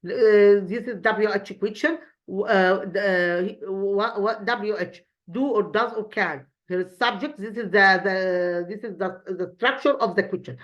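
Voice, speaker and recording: Woman, English teacher, hesitant with many fillers, slightly muffled lo-fi recording. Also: medium pitch. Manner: halting, many fillers and restarts. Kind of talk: explaining a grammar lesson.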